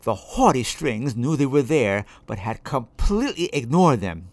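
Brief: male storyteller, very lively pitch, dry close sound. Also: a little slow, no room sound. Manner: expressive, shifting voices. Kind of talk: children's story reading.

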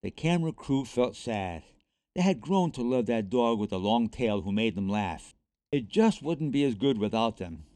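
A man narrating a children's storybook aloud in an expressive read-aloud manner. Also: medium pitch, dry recording. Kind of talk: storybook reading.

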